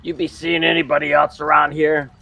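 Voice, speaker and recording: A man's voice: a little high, monotone, brisk, creaky, pushed and bright, poor audio. A man playing a tabletop game, talking in a laid-back and hesitant way. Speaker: player. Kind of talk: casual tabletop game chat.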